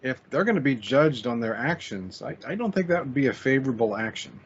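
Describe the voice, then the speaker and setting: A man's voice: mid-range voice, animated, a little fast. Man, podcast co-host, distant mic, dull sound, faint noise. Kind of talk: casual chat.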